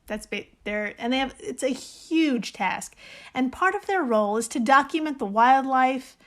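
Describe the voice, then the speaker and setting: A woman co-hosting a podcast in casual chat. She is excitable, swears freely and laughs often. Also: sits high, normal speed. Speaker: podcast co-host.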